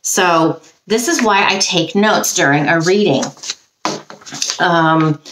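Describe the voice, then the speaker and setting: A woman's voice: fairly low pitch, noisy background. A woman working as a psychic medium, reading case notes aloud and musing on them between frequent ums. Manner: halting, frequent ums, reads then muses aloud. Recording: roomy echo.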